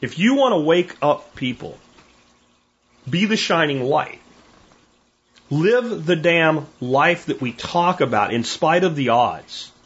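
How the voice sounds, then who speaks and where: In a dull lo-fi recording, a middle-aged man hosts a podcast, speaking slowly with frequent pauses in a fairly high, slightly rough voice. His casual monologue is full of animated storytelling, including acted-out voices of the people he quotes.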